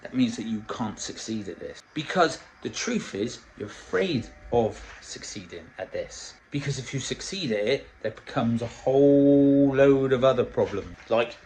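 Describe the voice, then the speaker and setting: A man's voice: medium pitch, expressive, normal speed, hardly any pauses, darkish tone, slight background noise, rough recording. A middle-aged man coaching on dieting in a casual vlog, blunt and swearing constantly as he tells stories. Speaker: diet coach.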